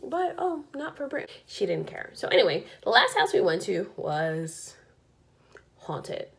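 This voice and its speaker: A woman's voice: mid-range voice, big pitch swings, a little slow, creaky. A woman vlogging as a single mom, telling a story in a chatty, exasperated rant full of "like". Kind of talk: casual storytelling rant to camera.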